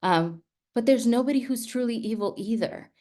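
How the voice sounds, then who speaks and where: A woman's voice: a little high, moderate pace. A woman who teaches, giving a talk full of stories and often checking in with her listeners. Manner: lively storytelling with frequent "right?" asides. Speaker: teacher and speaker. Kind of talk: storytelling talk.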